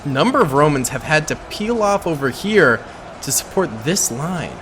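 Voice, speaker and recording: Excitable man commentating a game. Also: fairly high pitch, moderate pace, a little hiss or hum. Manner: upbeat, chatty, excitable with playful slang. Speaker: gaming YouTuber commentating a battle simulation. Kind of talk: casual gameplay commentary.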